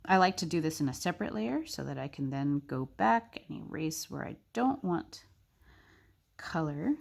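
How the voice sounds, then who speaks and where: A young woman narrating a casual drawing tutorial, chatty and thinking aloud with soft muttered asides. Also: deep voice, lively intonation, moderate pace, creaky.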